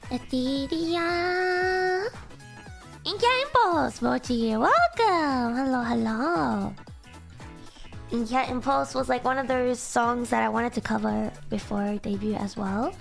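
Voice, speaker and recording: A high-pitched woman streamer whose voice leaps around as she chats and thanks viewers. She rambles and giggles through fillers, and her just-woken voice has a gravelly edge. Faint music plays behind her. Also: animated, slow pace. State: sleepy morning voice. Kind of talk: casual chat reading donations.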